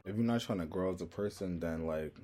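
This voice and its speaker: A young man with a thick New York accent holds forth to his viewers in a loose, rambling monologue. His voice sits very low and sounds mellow and dark. He is brash and profane, leaning on "like" as he goes. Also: brisk. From Harlem, New York. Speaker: vlogger.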